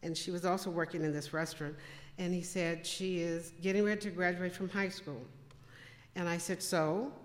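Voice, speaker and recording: A woman speaking to a congregation, telling personal faith stories and acting out the dialogue with big jumps in voice. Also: moderate pace. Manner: animated, acts out quoted dialogue with big pitch jumps. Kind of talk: testimony storytelling to a congregation. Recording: echoey hall with long reverb.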